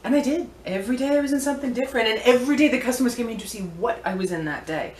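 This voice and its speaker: A woman's voice: on the high side, animated, racing, slight background noise. A woman who sells vintage antiques, showing off her finds in a chatty, playful, wandering way. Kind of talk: casual show-and-tell vlog. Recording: echoey room.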